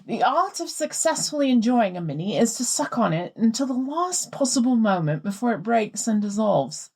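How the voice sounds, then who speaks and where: A woman's voice: on the high side, very animated, moderate pace, darkish tone, husky, exaggerated voice. A woman reading a listener's letter aloud in the voice of a posh British man, telling it in a dry, matter-of-fact way. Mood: wry. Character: posh adult British man recounting a mishap.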